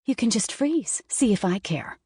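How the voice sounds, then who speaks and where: A woman voicing a harried, exasperated young mother of small children, talking in sharp, raised, clipped bursts. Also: mid-range voice, normal speed, creaky, slightly rough, dry recording, studio quality. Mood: angry.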